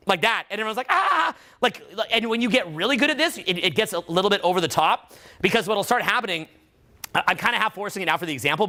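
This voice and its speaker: A man who works as a vocal coach leads a live workshop for students, his voice sitting high. He talks animatedly and acts out loud demonstration voices as he explains.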